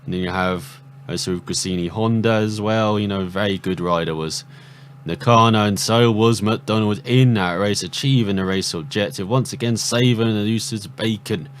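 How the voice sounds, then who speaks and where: A man commentating a motorbike racing video game, excitable on the racing, then rambling casually through the results. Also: lowish voice, normal speed, slight background noise. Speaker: gaming commentator. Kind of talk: mock race commentary over gameplay.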